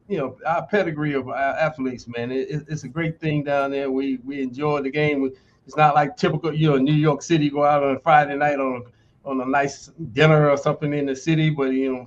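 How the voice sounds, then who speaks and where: A man's voice: a little high, dull audio, slight background noise. A man in his sixties from North Carolina with a Southern accent, chatting easygoingly as an interview guest. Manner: easygoing, says "man" often. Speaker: guest, former football player. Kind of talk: casual interview chat.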